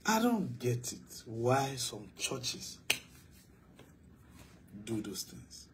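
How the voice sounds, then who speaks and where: A man preaching a sermon as pastor, swinging between loud, emphatic declarations and low, quiet asides. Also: sing-song, very slow, slight background noise.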